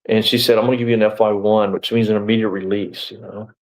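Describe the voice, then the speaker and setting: Middle-aged man, low-pitched voice, rambling blunt storytelling, interview guest. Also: flat delivery, fast, rough recording. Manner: rambling, frequent "you know" and restarts, blunt language. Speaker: interview guest, former sheriff's deputy.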